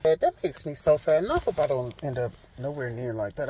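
A woman's voice: low-pitched, big pitch swings, fairly quick, hardly any pauses, warm tone, a little hiss or hum, low-quality recording. Sassy, emphatic woman vlogging from a car. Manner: sassy, emphatic, repeats herself for effect. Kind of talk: casual storytime vlog. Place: parked car outside a hospital. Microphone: handheld phone camera.

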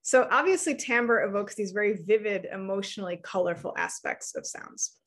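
A woman's voice: medium pitch, fairly bright tone. Woman giving an academic lecture. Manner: clear, measured explaining.

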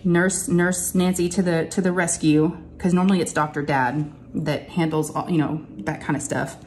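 A woman's voice: low voice, moderate pace, slight background noise. A middle-aged woman, chatting casually as she tells a long story in her home craft room. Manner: chatty, animated storytelling with many asides. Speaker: crafting vlogger.

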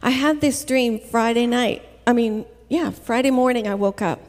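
A woman preaching a sermon in a church, telling her story in an earnest, measured way. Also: a little high, a little mellow. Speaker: guest preacher. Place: church sanctuary. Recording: reverberant church hall.

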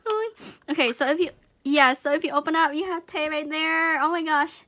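Excitable young woman gushing over gifts. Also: sits high, moderate pace. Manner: gushing, excited, repeats "oh my gosh"; voice jumps up into excited squeals. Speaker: vlogger. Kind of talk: unboxing vlog chat.

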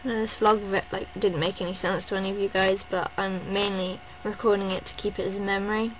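A woman vlogging at home, gushing and rambling in a breathless, excited rush. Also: medium pitch, a little fast, a little hiss or hum, low-quality recording. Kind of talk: excited personal vlog. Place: at home indoors.

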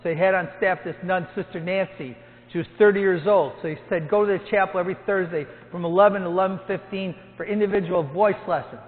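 Older priest telling jokey stories. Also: male voice, high-pitched, fast talker. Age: 70s. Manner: storytelling, jokey, acts out quotes loudly. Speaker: priest and hospital chaplain. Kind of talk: humorous talk to a parish gathering. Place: church. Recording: tinny, with long hall echo.

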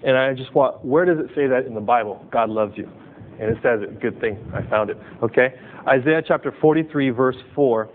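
A male pastor preaching a sermon in short, emphatic phrases, then leading the congregation in fervent prayer. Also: moderate pace. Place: chapel service. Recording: tinny lo-fi recording with low rumble.

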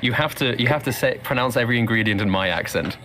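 A man's voice: medium pitch, fast talker, pushed and bright. A British man guesting on a stream, teasing and laughing in casual banter. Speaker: collab guest.

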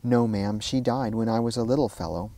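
A man's voice: medium pitch, a little fast, warm tone, dry recording, lightly acted. A man reading the part of a fearful, gloomy orphan boy telling his story. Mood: sad.

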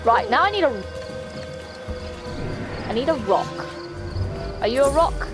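Excitable high-voiced woman gaming. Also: slow. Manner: excitable, gasping, talks to the game characters. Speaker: gaming video host. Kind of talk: casual let's-play commentary. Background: game music.

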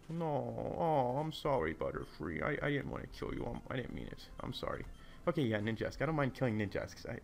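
Guy rambling over a game he's playing, talks low so the neighbors won't hear, echoey hotel room. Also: slight background noise. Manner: rambling, easily distracted, exclaims at the game; keeping his voice down. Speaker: gameplay commentator. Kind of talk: casual let's play commentary.

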